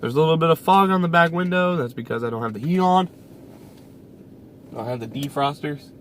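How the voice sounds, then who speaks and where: A young man with a somewhat high voice talks to his viewers from inside his parked car. He rambles in a loose, casual vlog style, full of fillers and repeated lines. The sound is picked up by a camera sitting on the dashboard. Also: animated, brisk, fairly bright tone, a little hiss or hum. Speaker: YouTuber. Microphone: camera mounted on the dash.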